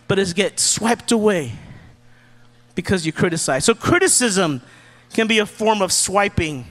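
A man preaching a sermon from the pulpit in a relaxed, joking, conversational way. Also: high voice, long reverb tail. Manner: casual, joking preacher who acts out quotes. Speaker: pastor.

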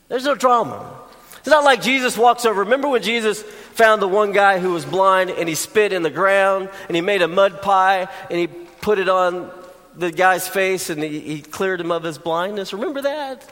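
Man preaching, high voice, conversational, joking asides, long church hall reverb. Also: a bit bright. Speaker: pastor. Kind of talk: sermon.

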